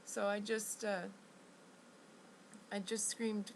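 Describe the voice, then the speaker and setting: A woman's voice: mid-range voice, little pitch movement, slight background noise, low-quality recording. A woman rambles through a personal story in a vlog. Her voice sits in an ordinary middle range, and she stops and restarts often. The delivery is indignant and restless throughout. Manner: halting and restless, with many restarts and fillers. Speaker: vlogger.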